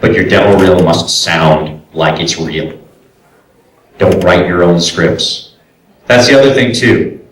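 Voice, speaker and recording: Teaching voice acting at a convention panel, a man from Brooklyn, New York explains in a chatty way full of fillers. His deep voice moves at a slow pace with frequent pauses, and it comes from far off in a large, echoey convention room.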